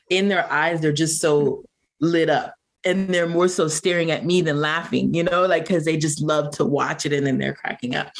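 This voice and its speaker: Middle-aged woman guest, candid and reflective, quick laughs, speeds up and slows down. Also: low voice. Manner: reflective, laughs often, varied pace. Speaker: podcast guest. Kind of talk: candid personal interview.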